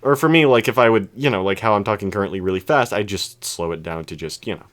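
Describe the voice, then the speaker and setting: A man's voice: lowish voice, expressive, quick pace, few pauses, fairly bright tone. A young man co-hosting a podcast, telling a long story in casual chat with lots of restarts and fillers. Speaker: podcast co-host.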